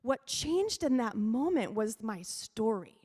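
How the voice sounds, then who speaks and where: A woman's voice: a little high, sing-song, takes it slowly, darkish tone, slightly rough. A woman giving a candid, conversational talk that shares a personal story, with many fillers along the way. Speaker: speaker. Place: church. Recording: long reverb of a church hall.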